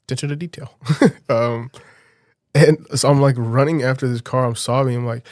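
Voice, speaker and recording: A man recounts a personal story in a relaxed podcast conversation. His voice sits in a middle register. It is recorded close and dry, with almost no room sound, and he laughs often as he talks. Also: mid-range voice, moderate pace, dry recording. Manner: animated, laughs often while telling a story. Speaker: podcast guest. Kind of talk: casual storytelling.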